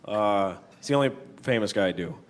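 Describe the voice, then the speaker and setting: A man doing a stand-up comedy set on a theater stage, telling rambling deadpan stories and jumping into high, loud voices for the people in them. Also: fairly quick. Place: large theater stage before a live audience. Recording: noisy live theater recording with crowd. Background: audience laughter.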